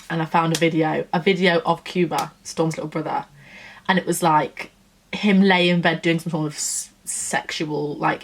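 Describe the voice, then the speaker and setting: Chatty woman, lowish voice. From Nottingham, England. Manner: chatty, gushing, acts out quotes. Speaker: vlogger. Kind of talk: casual storytelling chat.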